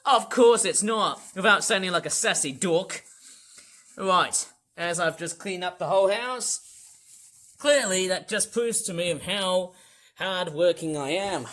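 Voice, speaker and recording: Australian male vlogger with a high voice, rambling, upbeat and repetitive, casual chat at home. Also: measured pace, fairly bright tone, slight background noise. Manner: rambling, chatty, upbeat, repeats himself. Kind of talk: casual vlog chat while cleaning. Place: his own house, indoors.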